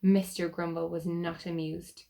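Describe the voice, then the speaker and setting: A woman reading a picture book aloud to children, animated and asking them questions. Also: on the low side, measured pace, gravelly. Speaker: children's storyteller.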